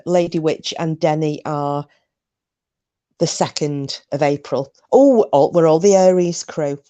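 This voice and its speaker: A middle-aged woman with a fairly low, warm voice hosts a live stream. She chats casually with her viewers in the live chat and laughs often between remarks.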